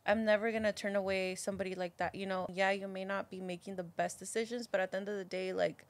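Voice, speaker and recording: A woman's voice: medium pitch, level tone, fast talker. A young woman with an ordinary mid-range voice co-hosts a podcast. She speaks earnestly and shares advice in a casual, chatty way. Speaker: podcast host. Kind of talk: casual chat.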